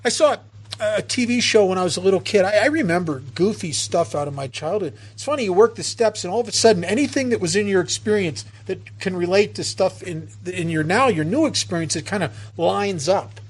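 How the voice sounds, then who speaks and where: Husky, high-voiced man telling his story. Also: lively intonation, brisk. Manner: earnest, storytelling, frequent restarts. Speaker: recovery meeting speaker. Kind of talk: personal talk at a meeting.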